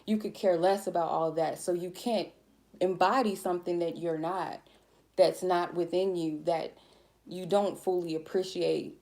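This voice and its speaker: A woman tarot reader giving a blunt, profane, laid-back spiritual reading in a mellow, chill way. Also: on the low side, steady tone, unhurried. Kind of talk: casual spiritual reading monologue.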